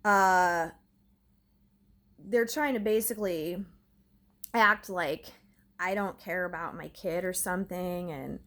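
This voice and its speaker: A woman's voice: fairly low pitch, slow pace, long pauses, fairly bright tone. A woman vlogging from her own home, telling a story in an agitated, rambling way, full of "like". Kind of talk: casual storytelling to camera.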